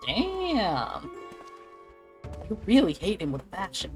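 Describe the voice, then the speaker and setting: A woman streaming live, tossing off quick, chatty reactions to the story on screen. Her voice is on the low side, and soft music plays faintly beneath her. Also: big pitch swings, poor audio. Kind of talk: live gaming stream commentary.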